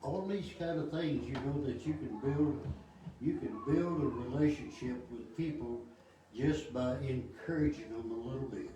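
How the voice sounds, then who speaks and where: A man's voice: mid-range voice, moderate pace. A man speaking in a casual group discussion in a folksy, encouraging way. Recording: echoey room, far from the mic, noisy.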